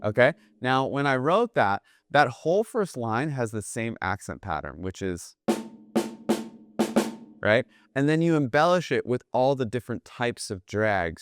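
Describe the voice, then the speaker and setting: A man teaching jazz drumming in a relaxed, explanatory way, often checking in with "right?". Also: medium pitch, smooth, no room sound. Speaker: drum teacher. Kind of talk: casual instructional talk.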